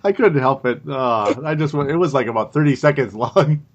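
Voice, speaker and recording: A man's voice: medium pitch, animated, moderate pace, lo-fi sound, slight background noise. A man from Minnesota hosting a casual sports chat, laughing often and stumbling over repeated words. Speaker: podcast host. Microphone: call recording.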